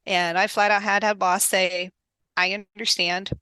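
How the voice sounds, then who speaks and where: A middle-aged woman telling workplace stories as a podcast guest, animated and laughing often, acting out the people she quotes. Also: mid-range voice, normal speed, smooth, no echo. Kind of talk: casual storytelling interview.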